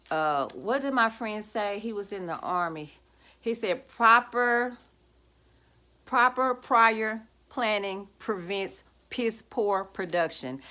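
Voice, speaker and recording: A woman's voice: fairly low pitch, a bit bright. A woman, talking to her viewers from home in a sassy, gloating, casual vlog rant. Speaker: vlogger. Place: at home, indoors.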